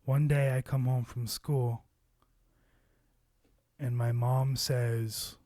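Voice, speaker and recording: A man telling an anecdote to camera in a loose, rambling way, full of fillers and casual cursing. He talks slowly at a mid pitch, and the sound is close and dry. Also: flat delivery, warm tone, dry recording. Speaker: vlogger.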